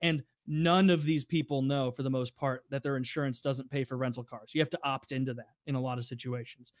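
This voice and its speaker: A man's voice: medium pitch, brisk, no room sound, studio quality. A man in his twenties telling profane work stories in casual chat, acting out angry customers. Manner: animated, profane, acts out customers in raised voices. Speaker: podcast co-host telling stories. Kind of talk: casual storytelling.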